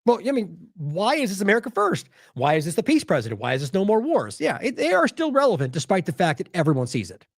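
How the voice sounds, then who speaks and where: Animated, sarcastic male news commentator. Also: high-pitched, quick pace, hardly any pauses, dry recording, studio quality. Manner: animated, sarcastic, mocks quotes in exaggerated voices; talks in bursts with restarts while scrolling sources.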